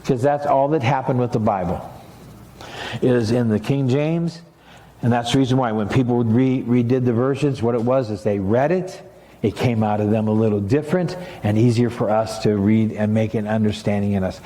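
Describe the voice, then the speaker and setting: A man's voice: mid-range voice, lively intonation, fairly quick, mellow, roomy sound. A middle-aged man, a pastor, preaching a sermon in a church sanctuary, talking casually and then rising into emphatic passages.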